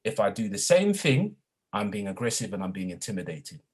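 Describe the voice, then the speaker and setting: A man, a guest in an interview, speaking reflectively and growing animated as he retells his own experiences. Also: on the low side, a little fast, husky. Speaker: guest, educator and former youth worker. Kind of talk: storytelling in a conversational interview.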